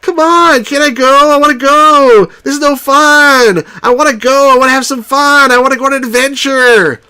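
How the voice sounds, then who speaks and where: A man's voice: extremely high pitch, moderate pace, sharp tone, pitched above the performer's own voice, heavily acted. A man putting on the voice of a whiny young farm boy who pleads to go on an adventure. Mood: whining.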